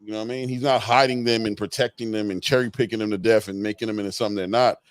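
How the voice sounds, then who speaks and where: A man hosting a casual boxing chat, excitable and slangy, laughing often. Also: on the low side, rapid-fire, dry recording. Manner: excitable, laughing, slangy, says "bro" a lot. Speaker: boxing podcast host.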